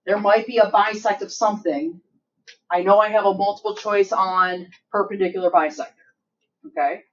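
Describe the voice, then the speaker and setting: Her voice is mid-range and a bit bright, steady in tone and moderate in pace, as she teaches math to her high school class. She chats, makes fun of herself, and often pauses for a "right?" or "okay?". The recording sounds distant and dull, with faint classroom noise.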